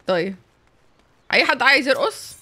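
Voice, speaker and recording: A woman streaming a game, chatting casually and profanely with her viewers and reacting quickly to chat. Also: high voice, animated, pushed and bright. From Canada. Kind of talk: casual live-stream chat while gaming.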